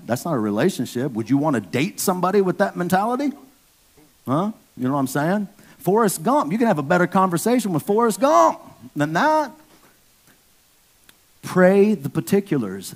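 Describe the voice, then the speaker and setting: A man preaching a casual sermon, slangy and joking, talking straight to the congregation. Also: on the high side. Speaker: pastor.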